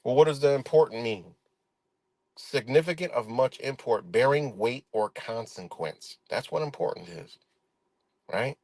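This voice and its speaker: A middle-aged man from Rochester, New York, talking in a casual, profane, rambling livestream monologue and telling an animated story. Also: mid-range voice, measured pace, no room sound. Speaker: live stream host.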